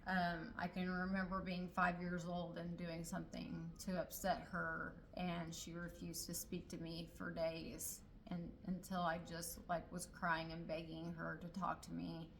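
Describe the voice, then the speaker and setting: A woman's voice: on the low side, completely flat delivery, measured pace, gravelly, few pauses, slight background noise, rough recording. A middle-aged woman telling a personal family story in a casual way, hesitating often with fillers and restarts.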